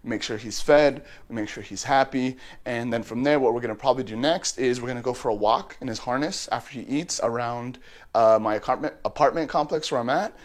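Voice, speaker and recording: Casual man narrating his pet routine. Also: brisk. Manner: switches to high sing-song baby talk with his bird. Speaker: bird owner vlogger. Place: at home in an apartment.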